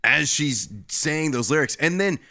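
A man's voice: on the high side, measured pace, bright, forceful tone. A man co-hosting a podcast in casual chat, speaking earnestly and emphatically with slang. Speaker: podcast co-host.

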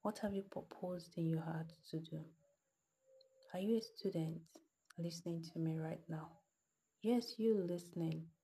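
Woman host, low and husky, earnest storyteller who presses listeners with questions. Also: measured pace, warm tone. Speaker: podcast host. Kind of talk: storytelling and motivational address.

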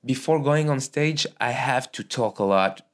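French guy hosting a podcast in english, hesitant, hunts for words, mid pitch. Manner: hesitant, halting, searching for words. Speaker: podcast host, comedian. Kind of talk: casual conversation in a second language.

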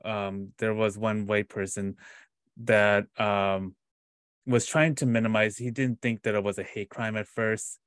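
A man hosting a podcast interview, responding in a measured, reflective way with hesitant pauses. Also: on the low side, little pitch movement, clear, resonant tone, no echo. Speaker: podcast host.

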